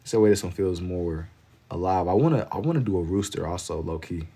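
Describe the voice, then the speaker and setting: His voice sits low and is creaky, mellow, and husky, moving a little fast. A Kentucky man with a Southern accent, he draws on a live stream while chatting in a relaxed, rambling way with lots of "like."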